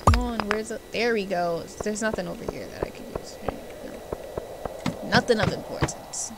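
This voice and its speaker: A young adult woman streaming a video game, chatting casually and rambling, playfully yelling at enemies. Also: medium pitch, normal speed, rough recording. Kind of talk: casual gameplay commentary. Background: game music.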